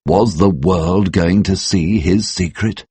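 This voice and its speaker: Deep husky male story narrator. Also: slow, mellow, dry recording. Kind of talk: scripted story narration for English learners.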